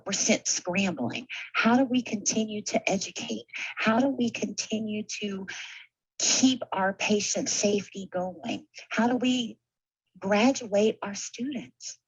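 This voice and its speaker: A woman's voice: mid-range voice, husky, no room sound, poor audio. A woman who works as a simulation technologist gives a motivational conference talk. She speaks conversationally and stirs the audience with rhetorical questions.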